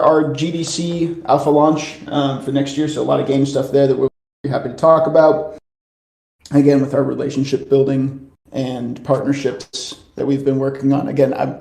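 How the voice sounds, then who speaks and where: A man with a gravelly, fry-edged voice hosts a casual online voice chat. His talk is loose and slangy, full of fillers and false starts as he updates his listeners. His pitch sits in an ordinary middle range. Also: warm tone. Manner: laid-back, slangy, drifts through fillers and restarts. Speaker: host of a studio community call.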